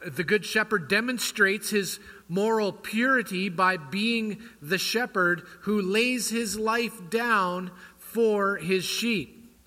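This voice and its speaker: Bright-voiced male pastor in echoing church. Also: sits high. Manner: quizzes the congregation with rhetorical questions. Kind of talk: sermon. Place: church sanctuary. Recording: long church hall reverb.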